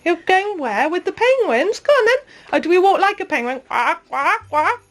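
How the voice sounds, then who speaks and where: Speaking briskly in a very high, very animated voice, this vlogging mum chats to camera during a casual home video. She coaxes her toddler along in a sing-song way.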